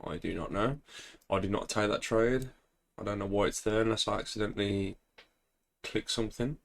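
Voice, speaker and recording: A young man casually talking through forex charts, relaxed and chatty with lots of ums, often clearing his throat and praising his own setups. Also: on the low side, normal speed. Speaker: forex trader. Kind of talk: casual screen-share market commentary.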